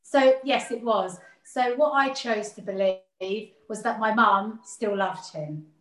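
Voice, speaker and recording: A woman's voice: mid-range voice, slow pace, fairly bright tone. A woman speaking earnestly as an interview guest, reflecting on her family and often repeating words as she gathers her thoughts. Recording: roomy echo.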